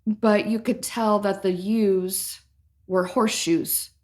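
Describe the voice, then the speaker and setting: A woman co-hosting a casual podcast, telling a long patient story at an easy pace. She laughs along at her own punchlines. Her voice sits at an ordinary mid pitch. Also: fairly even intonation, slow, a little mellow. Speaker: dental hygienist podcast co-host. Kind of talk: casual chat.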